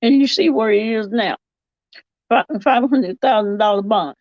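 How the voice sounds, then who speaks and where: A woman's voice: a little high, no echo. A woman giving casual live-chat commentary, rambling and correcting herself as she goes. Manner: rambling, drawn-out, self-correcting. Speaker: livestream commentator. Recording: dull lo-fi stream audio.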